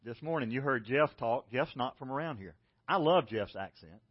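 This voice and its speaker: A pastor from South Carolina with a Southern accent, preaching a sermon in a folksy storytelling way with self-deprecating humor. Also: male voice, mid-range voice, expressive, normal speed, breathy edge, dull audio. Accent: Southern American. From South Carolina, United States.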